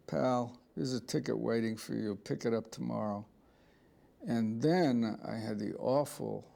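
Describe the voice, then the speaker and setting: A film director in an interview, telling rambling, blunt anecdotes with some profanity. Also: male voice, lowish voice, creaky. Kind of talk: interview storytelling.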